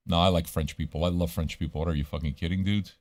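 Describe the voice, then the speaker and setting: A man's voice: sits low, steady tone, quick pace, no room sound. A man from Montreal hosting a casual livestream radio show, talking in a profane, rambling way and dropping into French now and then. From Montreal, Canada.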